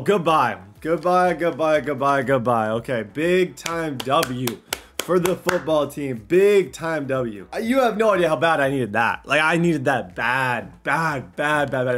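A young man gives excited commentary on his own video game, shouting at big plays and repeating himself. His voice is a little high.

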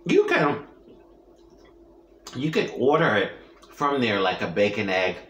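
Woman doing a mukbang, slow easygoing talk, voice swings up and down a lot, jokey, echoey room. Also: a bass voice, sing-song, fairly bright tone. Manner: playful, joking, savoring bites with long hums. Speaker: mukbang vlogger. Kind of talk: casual eating vlog chat. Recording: roomy echo.

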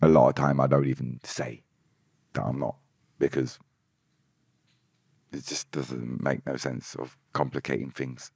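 A man, a musician guest on a podcast, talking in a relaxed, rambling way and often repeating words. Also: very deep voice, unhurried, creaky, pauses often, husky, dry recording, clean studio sound. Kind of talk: casual podcast interview.

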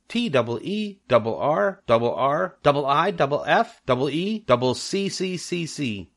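An older man putting on a fussy gander who repeats himself in a flurry. The voice jumps well above his own, loud and fluttery, a storybook goose in a fluster. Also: lively intonation, normal speed. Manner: high, repetitive and stammering.

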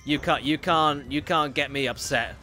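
A man chatting casually during a live game stream and reading viewer messages aloud with quick asides. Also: on the high side, sharp tone. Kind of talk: casual live-stream chat while gaming. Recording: faint game music behind.

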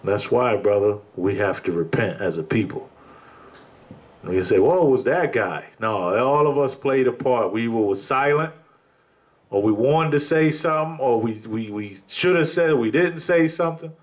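A man's voice: mid-range voice, moderate pace. A man preaching a sermon in an emphatic, colloquial way, often calling his listeners brother.

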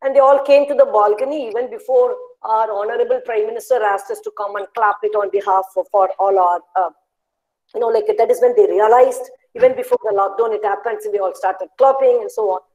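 Woman storyteller, animated, fairly high voice, video call. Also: brisk, low-quality recording. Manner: animated storytelling with fillers like "you know". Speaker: storyteller, webinar speaker. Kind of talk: storytelling to an online audience.

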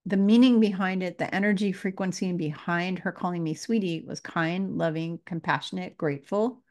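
A woman's voice: lowish voice, steady tone, normal speed, a little mellow. A woman spiritual teacher talking to her viewers, earnest and repeating her questions. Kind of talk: casual spiritual talk to camera.

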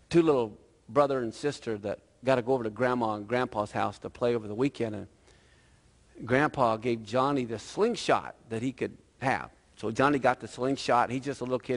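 A male pastor preaching a sermon in a lively, conversational storytelling manner. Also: a little high, creaky, big-room sound.

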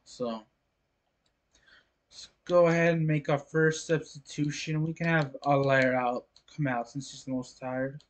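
A man casually commenting on his own soccer video game, low-key and a bit sleepy, with sudden exclamations at plays. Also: steady tone, unhurried. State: sleepy, yawning. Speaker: gameplay commentator.

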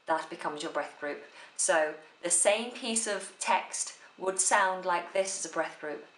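Slow, careful woman teaching in an echoey room. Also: lowish voice, fairly bright tone. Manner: slow, careful, deliberate delivery. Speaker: drama exam tutor. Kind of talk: spoken theory lesson with read examples.

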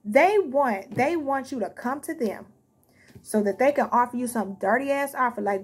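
A woman's voice: on the high side, animated, moderate pace, a little hiss or hum. A woman giving a casual tarot card reading to her viewers, blunt and heated, with plenty of swearing. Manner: blunt, profane, heated, speaks straight to viewers. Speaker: tarot reader.

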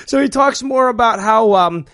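A man's voice: extremely high pitch, normal speed, fairly bright tone. A man co-hosting a podcast, casually mocking a movie as he retells its scenes with laughs and swearing. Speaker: podcast co-host. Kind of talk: casual comedic movie commentary.

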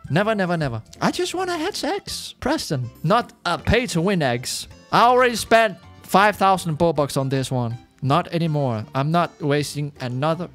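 A chatty man gives excitable gameplay commentary as a gaming YouTuber. His voice sits on the high side and swings widely in pitch. Faint music plays behind him. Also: normal speed, hardly any pauses. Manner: excitable, chatty, laughs often.

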